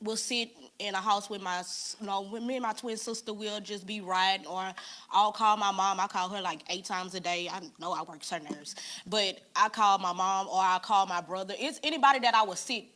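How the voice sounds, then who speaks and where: Earnest bright-voiced woman telling her story. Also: mid-range voice, brisk. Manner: earnest storytelling, quotes people in lively voices. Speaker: guest sharing testimony. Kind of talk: casual church talk, personal story.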